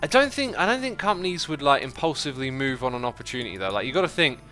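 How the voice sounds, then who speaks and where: Man, livestream host, bright forceful voice, casual rambling chat, faint music behind. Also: mid-range voice, animated, quick pace. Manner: thinks aloud with many fillers and restarts.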